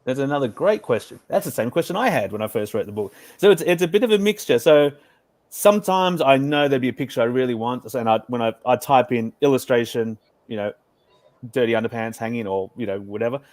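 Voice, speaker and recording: A man's voice: mid-range voice, expressive, fairly quick, a little mellow. A man, a children's author reading his book aloud with playful storytelling.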